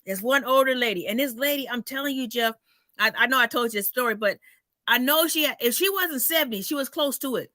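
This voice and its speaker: High bright-voiced woman comedian. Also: a little fast, dry recording. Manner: animated storyteller, acts out voices, swears freely. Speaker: comedian hosting a chat. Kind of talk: casual chat.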